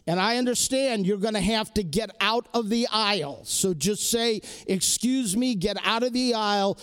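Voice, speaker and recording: A man's voice: high voice, normal speed, fairly bright tone, clean tone. A man preaching a sermon to students and faculty, earnest and exhorting, repeating key phrases and ending in prayer. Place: crowded hall or chapel.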